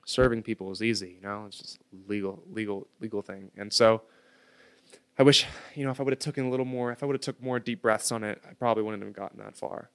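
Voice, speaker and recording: Smooth low-voiced man telling a story. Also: steady tone, fast. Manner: emphatic, profane, streetwise slang. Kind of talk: casual storytelling chat.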